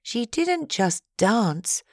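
A woman voicing a chatty, gossipy female friend in a read-aloud story, in a higher, lively tone. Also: drawn-out words, no echo, clean studio sound, full character voice.

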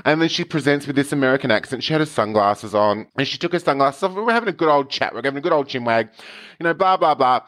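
A man tells stories in a camp, theatrical way, sliding into acted quotes of other people. His voice sits in an ordinary middle range. It comes across as relaxed chat between friends. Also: mid-range voice, fast. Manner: camp, animated anecdote teller with acted quotes. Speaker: guest storyteller. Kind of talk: casual chat.

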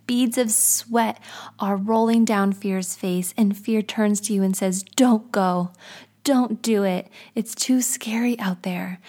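A woman speaker with a warm, mellow voice leads her listeners through a vivid guided story. She often drops into a soft half-whisper. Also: mid-range voice. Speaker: creativity speaker.

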